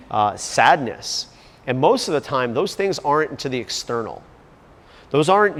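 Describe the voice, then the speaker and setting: Earnest male fitness coach, talks to his group in a loose, rambling way, with a long echo off the gym walls. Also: mid-range voice. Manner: earnest, rambling, asks the audience questions. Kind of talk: motivational talk to a group.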